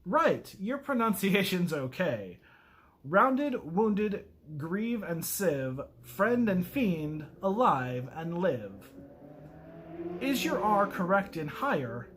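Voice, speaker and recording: A man casually reading a poem aloud, halting and self-mocking as he stumbles over words. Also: sits high, big pitch swings, fairly bright tone, a little hiss or hum. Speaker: video host.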